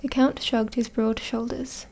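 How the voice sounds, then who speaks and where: Young Australian woman, whispered narration, mellow and slightly high. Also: little pitch movement, measured pace, vocal fry. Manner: soft and careful, with small stumbles. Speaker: audiobook narrator in training.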